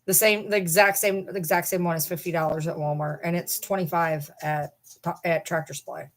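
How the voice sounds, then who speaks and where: A woman's voice: fairly low pitch, steady tone, fairly quick. A woman hosting a casual livestream, chatting and rambling to viewers and swearing casually. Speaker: livestream host.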